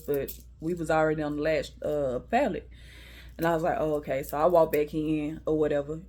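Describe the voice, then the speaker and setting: A young woman tells a casual storytime. She swears freely and acts out the quotes. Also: lowish voice. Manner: animated, laughing, profane, acting out quotes.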